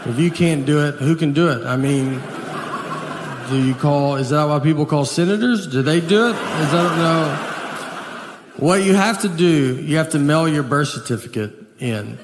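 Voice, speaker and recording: A man in his forties doing stand-up comedy, deadpan and self-deprecating, with an audience laughing in an echoey hall. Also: on the high side, normal speed, noisy background. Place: theater stage before an audience.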